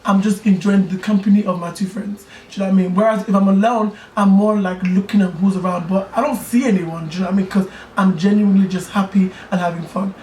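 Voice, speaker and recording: A young man tells a personal story to friends in a loose, animated way, often turning to his listeners to make sure they follow. He is recorded from a little way off in an echoey room, with a faint hiss behind him. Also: sits high, fast talker, few pauses, recorded from a distance. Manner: animated, chatty, keeps asking "do you know what I mean". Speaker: YouTuber telling a personal story. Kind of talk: casual storytelling chat.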